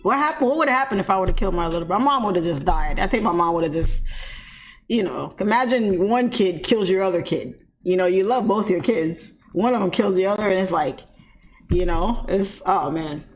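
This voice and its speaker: Laughing, animated woman streamer. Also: medium pitch, brisk. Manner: animated, laughs often, mimics shrieking voices. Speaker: trading live-streamer. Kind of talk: casual storytelling to a live chat.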